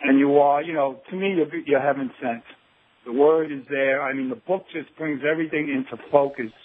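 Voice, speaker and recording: A man's voice: medium pitch, fairly even intonation, a little fast, slightly rough. A man calling a radio show, full of earnest, rambling praise. His voice sits mid-range and comes through a thin, tinny phone line. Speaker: caller. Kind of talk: phone-in call. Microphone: telephone.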